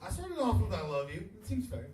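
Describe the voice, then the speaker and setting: A man's voice: high-pitched, wildly swooping pitch, fairly quick, a little mellow. A man opening a stand-up set in a tavern by wryly teasing the comic who went on before him. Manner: wry, teasing the previous act. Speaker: stand-up comedian. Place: small tavern stage, live audience. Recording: echoey bar from far off.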